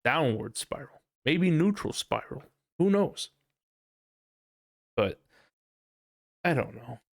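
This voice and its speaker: A man's voice: mid-range voice, lively intonation, takes it slowly, creaky, dry recording, studio quality. A man hosting a casual solo podcast, rambling and swearing as he thinks aloud, often unsure of himself. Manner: rambling, profane, unsure musing. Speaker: podcast host.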